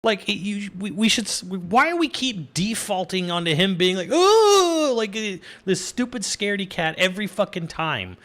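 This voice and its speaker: A man's voice: high voice, normal speed, hardly any pauses, bright, forceful tone. A young adult man giving a casual, exasperated review, swearing freely and laughing as he rambles. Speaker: video reviewer. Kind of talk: casual rant.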